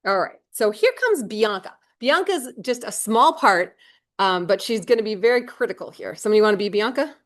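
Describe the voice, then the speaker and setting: A woman's voice: mid-range voice, expressive, fairly quick. A woman teacher explaining a play to her class in a casual, chatty way, retelling lines in modern slang.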